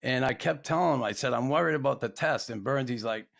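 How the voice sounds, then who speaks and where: A man's voice: medium pitch, fast, gravelly, a bit bright. An older man hosting a podcast, telling profane anecdotes in casual chat and laughing as he goes. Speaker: podcast host.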